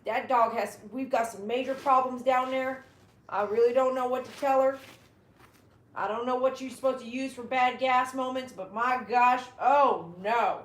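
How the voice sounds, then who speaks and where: A chatty woman with a fairly high voice hosts a relaxed livestream from home. She talks to her dogs and reads out viewer comments. Her voice rings a little in an echoey room. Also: moderate pace. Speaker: dog groomer and livestream host. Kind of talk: casual livestream chat.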